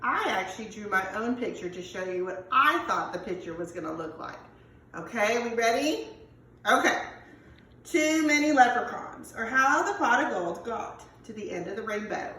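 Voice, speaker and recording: Upbeat American teacher reading aloud. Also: female voice, on the high side, animated, moderate pace, sharp tone, slight background noise. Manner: upbeat, encouraging, self-correcting. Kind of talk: reading a picture book aloud to a class. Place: classroom. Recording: echoey classroom from far off.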